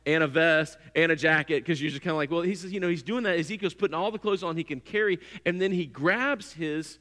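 Bright-voiced animated male preacher. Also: on the high side, fast talker, big-room sound. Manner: animated, humorous storytelling. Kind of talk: sermon.

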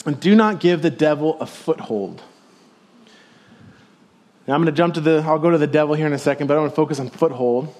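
A middle-aged male pastor preaching with a slightly high voice. He keeps his sermon casual and jokey and talks to the room like friends. He swings from loud, raised emphasis to low, quiet asides. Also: a little fast, pauses often. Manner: conversational, jokey preaching with lively swings in loudness and pitch.

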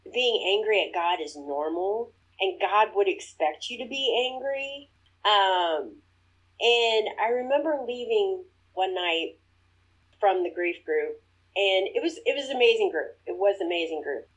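A woman talks through a personal story as an interview guest. Her voice sits at a middle pitch, and she speaks earnestly. It lifts and quickens when she acts out her own past thoughts. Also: poor audio.

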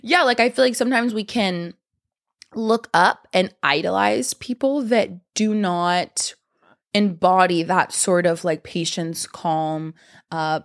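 A young woman hosting a casual monologue, talking in a chatty, rambling way with lots of fillers. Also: on the low side. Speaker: podcast host.

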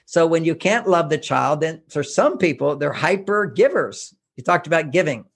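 Gravelly older man giving earnest advice. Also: on the high side, lively intonation, moderate pace. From Houston, Texas. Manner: earnest, emphatic, repeats points. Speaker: author and relationship guest. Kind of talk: interview, self-help advice.

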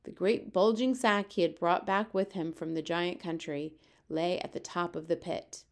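A woman reading a children's book aloud with steady, expressive storytelling. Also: fairly low pitch, normal speed. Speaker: reader.

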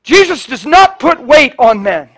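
A male preacher telling a story in a sermon, swinging between loud preaching and hushed, near-whispered storytelling, and acting out the people he quotes. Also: very high voice, sing-song, unhurried. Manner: acts out the people in his stories in quoted voices.

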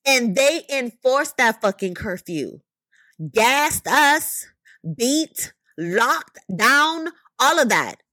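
A woman's voice: high voice, animated, drawn-out words, pushed and bright, no echo. A woman giving an impassioned, profane commentary monologue, full of rhetorical questions and emphatic repetition. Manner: emphatic, profane, rhetorical questions, repeated "you know what I mean".

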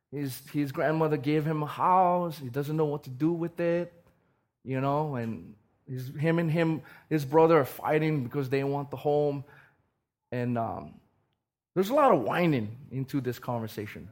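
Guy preaching, fairly high voice, gets loud then drops soft, repeats himself a lot. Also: moderate pace. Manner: animated, swings between loud bursts and soft asides, repeats words. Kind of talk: sermon with personal storytelling.

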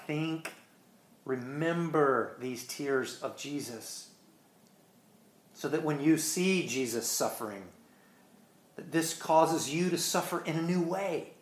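A man preaching a sermon with earnest emphasis, swinging between quick bursts and slow, stressed words. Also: a little high, echoey room. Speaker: pastor.

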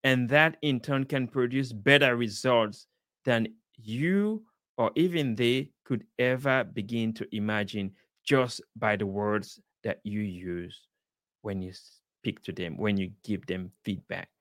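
A father speaking earnestly about the power of words, encouraging listeners with measured emphasis and repeated points. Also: on the low side, fairly bright tone, no echo, clean studio sound. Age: adult, father of a young child. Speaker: speaker sharing life advice. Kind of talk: slow inspirational talk.

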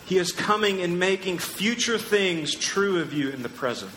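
A pastor preaching a sermon, teaching emphatically and asking the crowd questions. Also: male voice, high voice, expressive, normal speed, sharp tone, a little hiss or hum. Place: large church hall. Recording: echoey church hall with long reverb.

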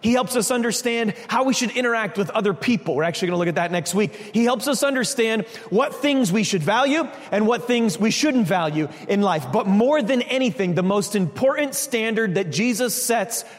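A man preaching a sermon as a pastor, animated, acting out quotes. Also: high-pitched, a little fast, hardly any pauses. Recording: reverberant hall.

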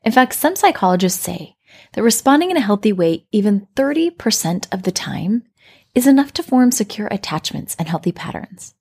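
Woman podcast host, kinda husky, calm and reflective, mid pitch. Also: normal speed. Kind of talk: scripted parenting talk.

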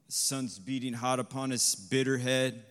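A man preaching a sermon to a congregation. He asks the listeners questions, tags on "right?", and swells to loud, emphatic peaks. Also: medium pitch, moderate pace, in a large hall. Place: congregation hall.

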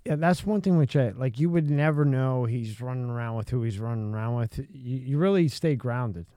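A man hosting a podcast chimes in with short, friendly remarks in a medium-pitched voice. The sound is dry and close. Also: normal speed, warm tone, dry recording. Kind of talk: casual interview chat.

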